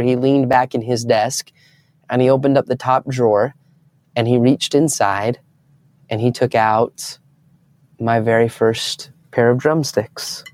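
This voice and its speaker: A young adult man with a medium-pitched, slightly mellow voice appears as a guest in an interview. He tells stories earnestly and acts out the voices of the people he quotes.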